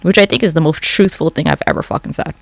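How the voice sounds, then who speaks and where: Pitch swoops wildly around a medium register in this fast, fry-laden voice, recorded without echo. The speaker is a livestreamer chatting casually from home late at night into a phone, rambling, swearing freely and responding to chat.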